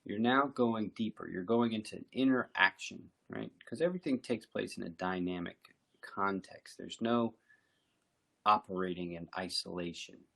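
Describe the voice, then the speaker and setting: Husky, gravelly man, lowish voice, guided mindfulness talk, slow and reflective. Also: fairly bright tone. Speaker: meditation teacher.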